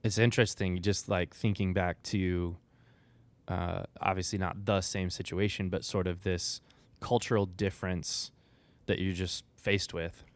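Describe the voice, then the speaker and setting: A man co-hosting a church podcast, reflecting thoughtfully in a halting, unhurried way. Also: deep voice, flat delivery, no echo. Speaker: podcast co-host. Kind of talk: casual reflective chat.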